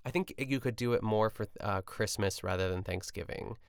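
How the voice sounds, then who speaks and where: A man's voice: on the low side, moderate pace, creaky, clear, resonant tone, dry recording, clean studio sound. A young man hosting a podcast, chatting casually and rambling through a cooking show recap with lots of fillers and asides. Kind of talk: casual chat.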